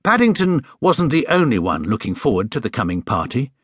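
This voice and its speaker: Brief: expressive storybook reader, male, lively pitch, dry studio sound. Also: fairly quick, husky, no echo. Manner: expressive, gently humorous. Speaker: audiobook narrator. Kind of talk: scripted storybook narration. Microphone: studio microphone.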